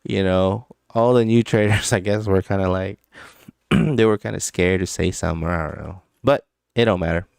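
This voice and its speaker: A man's voice: deep voice, fairly even intonation, normal speed, creaky, a little mellow, smooth, no room sound, studio quality. A man hosting a casual live stream about crypto trading, rambling, laughing often and swearing freely. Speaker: crypto trading livestream host.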